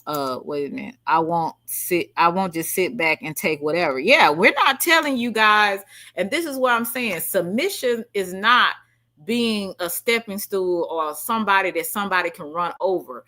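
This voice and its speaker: A woman hosting a livestream, chatting casually and reading out viewer comments in an animated, slangy way. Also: fairly low pitch, normal speed. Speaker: livestream host.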